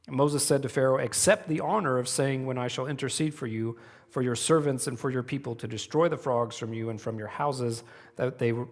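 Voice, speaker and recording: A man preaching a relaxed, conversational sermon as a church pastor, voice sitting at an average male pitch. He talks through the text with fillers and lets small chuckles slip into his asides. A long reverb trails behind him, as in a church sanctuary.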